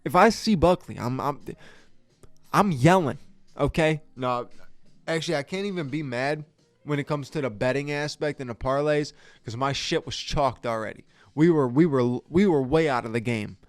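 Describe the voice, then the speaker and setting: A man's voice: mid-range voice, normal speed, no echo, faint music behind. A man hosting a podcast, giving a casual fight review in an exasperated, profane way, stammering and restarting his sentences. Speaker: podcast host. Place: podcast studio.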